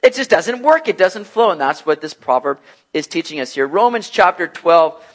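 A man preaching through a Bible passage in an easy, conversational way. His voice sits high for a man, and it rises and falls with energy as he explains each verse. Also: normal speed. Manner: lively, acts out bubbly and gloomy voices in his examples. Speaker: pastor. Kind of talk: expository sermon, casual and animated.

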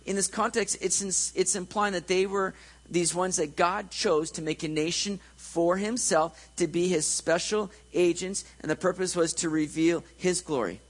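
A man's voice: sits high, steady tone, moderate pace, low-quality recording. Conversational male preacher. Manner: conversational, joking, checks in with listeners. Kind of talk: sermon.

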